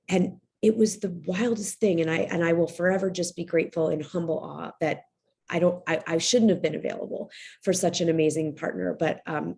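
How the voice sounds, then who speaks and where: Woman in her forties, writing coach, candid and effusive, husky, mellow tone. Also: fairly low pitch, steady tone, normal speed. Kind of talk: motivational talk to writers.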